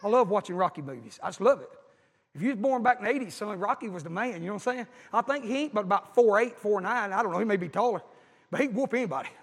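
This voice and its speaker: A preacher with a strikingly high voice delivers a fervent, folksy sermon. He calls out to his congregation as he preaches. His voice rings through a large, reverberant church hall. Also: expressive, fast talker, slightly rough. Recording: echoey hall.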